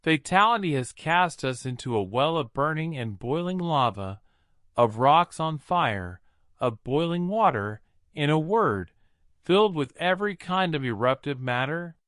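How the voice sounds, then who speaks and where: A man's voice: a little high, animated, measured pace, fairly bright tone, no echo, studio quality. A man reading an audiobook voices a terrified young man who cries out in alarm and exasperation. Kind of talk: audiobook character voice.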